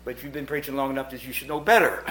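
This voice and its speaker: A middle-aged man preaching a sermon at a church meeting. He swings from hushed asides to shouted points. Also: mid-range voice, steady tone, fast talker, very noisy. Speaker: pastor.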